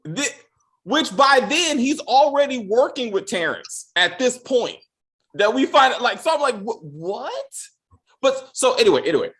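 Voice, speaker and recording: A man hosting a casual film review chat, profane and animated, often stumbling and restarting as he acts out quotes. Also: very high-pitched, moderate pace. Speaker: podcast host.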